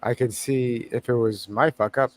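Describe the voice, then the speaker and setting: A man co-hosting a loose, casual podcast over a podcast mic. He rambles, corrects himself mid-sentence and swears casually, at an average pitch for a man. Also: steady tone, moderate pace. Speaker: podcast co-host. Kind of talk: casual chat.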